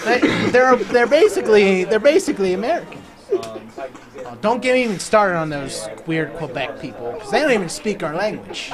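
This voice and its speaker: A man's voice: high-pitched, expressive, normal speed, music in the background. A young man voicing a folksy dad who rambles on in a mock-earnest way. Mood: grumbling. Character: folksy Canadian dad, grumbling about other provinces.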